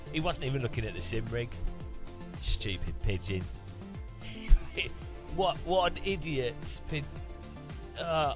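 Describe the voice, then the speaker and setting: A man chatting casually on a live stream from his home sim rig, rambling and joking, a bit tired and under the weather. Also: medium pitch. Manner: rambling and joking, talks to chat. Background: music.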